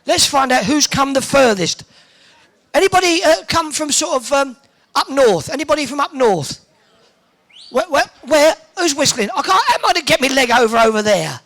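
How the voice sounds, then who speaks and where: A cheeky man working a crowd in a big indoor arena, with a very high voice for a man. He fires off teasing one-liners into a handheld microphone. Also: expressive, moderate pace, a bit bright. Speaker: arena host entertaining the crowd. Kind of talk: joking crowd banter over a microphone.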